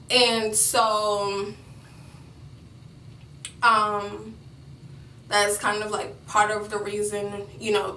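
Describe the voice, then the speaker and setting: A woman's voice: medium pitch, sharp tone, echoey room, recorded from a distance, a little hiss or hum, rough recording. A young woman vlogger telling a personal story in a rambling way, with many fillers and restarts.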